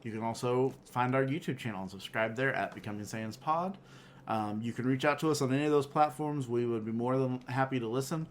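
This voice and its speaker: A man's voice: medium pitch, brisk, a little hiss or hum. Laid-back man co-hosting a podcast. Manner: laid-back, agreeable, leads the segments. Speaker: podcast co-host. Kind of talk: casual podcast chat.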